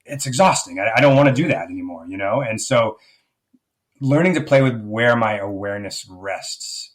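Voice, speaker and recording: Low-voiced man musing on meditation. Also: animated, normal speed. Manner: thoughtful, searching, with frequent restarts and fillers. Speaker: guest, executive life coach. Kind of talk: reflective conversational interview.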